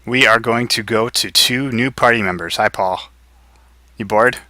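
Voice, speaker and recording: Very bright-voiced male game master. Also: medium pitch, moderate pace, no echo. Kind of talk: narrating a tabletop game.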